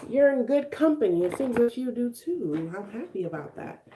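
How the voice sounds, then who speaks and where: A woman's voice: a little high, big pitch swings, normal speed, warm tone, slight background noise. A young woman in her twenties from Chicago, chatting casually with viewers and answering comments while doing her makeup. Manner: chatty, laughs often, reads and answers comments. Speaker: vlogger live streaming to viewers.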